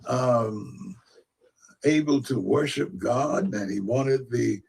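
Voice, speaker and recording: A man's voice: medium pitch, slow, darkish tone. A man preaching in a played clip, rambling along with big, showy words. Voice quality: gravelly, raspy. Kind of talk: preaching commentary.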